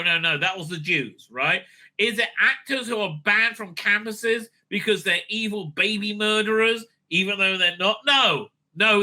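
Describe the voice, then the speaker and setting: A man delivers furious reaction commentary to the clips he is watching, swearing freely and mocking what he hears. His voice sits high for a man and cuts with a very bright, sharp edge. He stammers through fillers and restarts as the rant builds. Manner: profane, sneering ranting with many fillers. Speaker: channel host reacting to clips.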